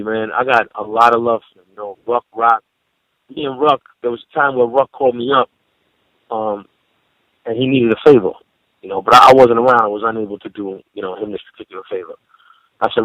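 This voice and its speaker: A rapper phoning in as a guest, telling stories in a rambling, profane way, full of "you know". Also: male voice, medium pitch, bright, forceful tone, no room sound. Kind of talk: casual storytelling over the phone. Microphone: phone. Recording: muffled phone line.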